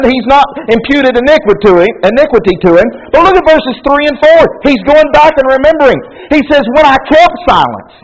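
A man's voice: extremely high pitch, poor audio. A man preaching a conversational sermon as pastor, often acting out hesitant prayers. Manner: conversational preaching, with frequent repetitions and acted-out prayers.

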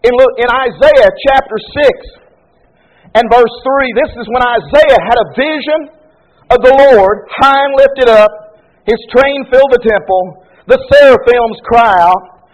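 A man's voice: extremely high pitch, unhurried, dull audio. A man preaching a sermon, emphatic, repeating key words and lifting his voice on the points he stresses. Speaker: pastor.

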